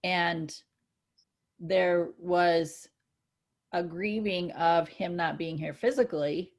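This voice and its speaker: Low-voiced earnest woman co-host. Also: takes it slowly. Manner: earnest and reflective, grows excited in examples. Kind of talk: casual spiritual chat.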